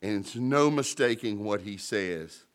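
A man preaching in a church, telling stories and paraphrasing scripture in a relaxed, conversational way. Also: fairly low pitch, a little slow. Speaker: pastor. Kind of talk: sermon.

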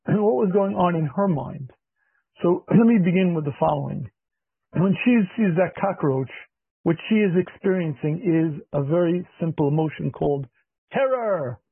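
A husky male rabbi giving a class on marriage, clearing his throat often and hammering points home by repeating them. His voice sits fairly high for a man. The sound is thin and dry, like a phone line. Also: dry recording. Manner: emphatic, repeats key phrases, acts out dialogue. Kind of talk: lecture.

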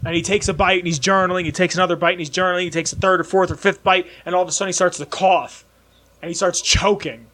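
A young man co-hosting a casual chat, telling a long story with excited, rambling energy and acting out the voices in it. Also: high voice, fast talker. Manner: excitable, rambling, acts out voices in his stories. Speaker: podcast co-host.

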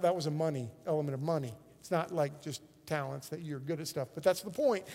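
Animated high-voiced pastor preaching. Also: male voice, big-room sound. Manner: animated, repeats words when excited. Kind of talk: sermon.

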